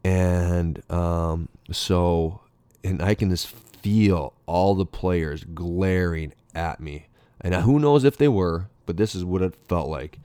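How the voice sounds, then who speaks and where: Deep-voiced man telling a rambling story. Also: slow, warm tone, clear, resonant tone, no echo. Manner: rambling, acts out dialogue, self-interrupting. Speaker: former pro baseball player. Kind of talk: anecdotal storytelling.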